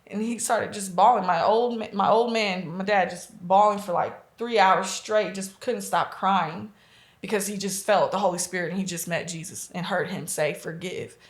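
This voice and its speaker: A woman's voice: medium pitch, steady tone, normal speed, reverberant. A woman from Nebraska, a guest on an interview show, telling a personal story earnestly with many fillers and quoted dialogue. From Omaha, Nebraska. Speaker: guest, Reiki practitioner.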